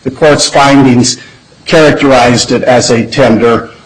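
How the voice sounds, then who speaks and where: A man speaking as an attorney in an appellate oral argument, measured and deliberate, often restarting his phrases. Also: mid-range voice, steady tone, low-quality recording.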